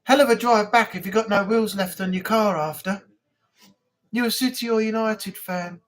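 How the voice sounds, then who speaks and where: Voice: medium pitch, normal speed. A chatty host from England rambles through a casual live-stream chat. The talk runs loose and conversational, with answers to viewer comments and bits of good-natured ranting.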